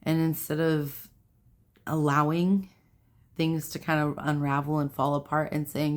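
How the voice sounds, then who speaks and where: A woman's voice: sits low, little pitch movement, measured pace. A young adult woman hosting a self-help video, talking casually to camera in a rambling way, with fillers and self-corrections.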